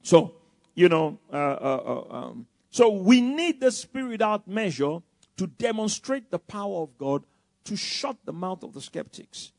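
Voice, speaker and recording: A man preaching a sermon in a church, animated and full of rhetorical questions and repeated words. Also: sits high, measured pace, vocal fry, no echo, clean studio sound.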